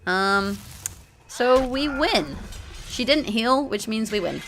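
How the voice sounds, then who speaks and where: A woman hosts a card game video in a slightly high, expressive voice, speaking slowly with a bit of brightness, and there's slight background noise. She walks viewers through her strategy while playing, often correcting herself in the middle of a sentence.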